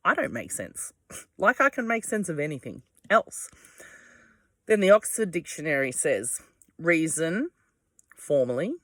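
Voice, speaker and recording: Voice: medium pitch, fairly bright tone, no echo, studio quality. A vlogger with an Australian accent, talking casually at home in a digressive way and swearing easily. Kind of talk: casual rambling monologue. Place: home without power, by candlelight.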